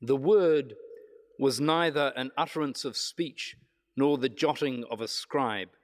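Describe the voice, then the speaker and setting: A man preaching a reflective sermon, measured, slowing down for emphasis. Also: medium pitch. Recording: long hall reverb.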